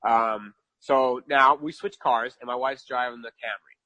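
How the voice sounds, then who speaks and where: A man's voice: medium pitch, fairly even intonation, measured pace, pushed and bright, no room sound. A man from New York, a podcast guest, telling a casual story with lots of repetition for emphasis and laughing at his own mishaps.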